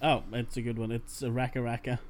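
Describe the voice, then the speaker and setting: A man in casual podcast chat who jokes and swears in an animated way. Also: mid-range voice. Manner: animated, quick to joke and swear.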